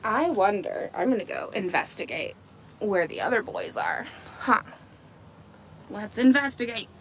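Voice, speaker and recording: With slight background noise behind her, a woman livestreams casually from outdoors among her goats using a phone on a selfie stick. Her medium-pitched voice is expressive and unhurried, and she laughs often while cooing to the animals in baby talk.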